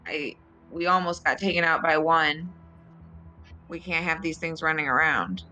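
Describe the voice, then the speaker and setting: A woman playing a tabletop game as a chaplain, talking in a hesitant, halting way as she thinks aloud. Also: deep voice, pushed and bright, faint music behind, poor audio. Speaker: player. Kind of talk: tabletop role-play.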